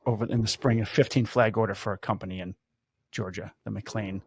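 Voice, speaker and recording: In a casual storytelling chat, a podcast-hosting police officer in his 50s speaks fairly quickly in a fairly low, creaky, husky voice. He brings his stories to life, performing the quoted lines himself. The audio is clean studio sound without any echo.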